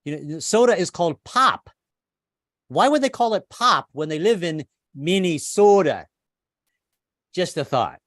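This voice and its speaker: A man of seventy performing a stand-up comedy set over a video call, self-deprecating and halting, with many restarts. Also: high voice, sing-song, a bit bright, no room sound, clean studio sound. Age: 70s. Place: home setup on a video call. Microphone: computer mic on a video call.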